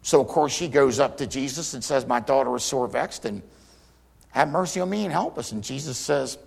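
A man preaching a sermon, retelling scripture stories dramatically and voicing the people in them, swinging from loud cries to near whispers. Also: medium pitch, expressive, normal speed, vocal fry, slightly rough. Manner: dramatic storytelling, acting out quotes with big swings in volume.

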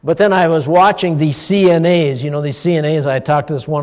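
A man's voice: fairly high pitch, brisk. Folksy man preaching in a reverberant hall. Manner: folksy, animated storytelling with chuckles. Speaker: pastor. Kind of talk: informal sermon with personal story. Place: church hall. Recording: long church-hall reverb.

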